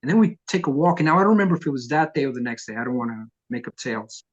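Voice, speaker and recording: A middle-aged man spins profane, animated stories in an interview, putting on the voices of the people he quotes. His voice is husky and a little rough, with a medium pitch. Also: racing, dull audio. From New York. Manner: profane, animated storyteller who acts out quotes. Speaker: punk vocalist interviewee. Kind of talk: casual storytelling in an oral history interview.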